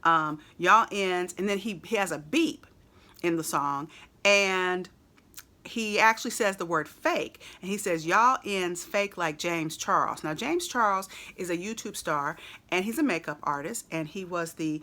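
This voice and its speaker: A woman walks her viewers through song lyrics in an easygoing, explanatory way. Her voice sits a little low but has a bright, forceful edge. She talks loosely, with frequent ums and likes. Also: normal speed. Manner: chatty, explanatory, frequent fillers.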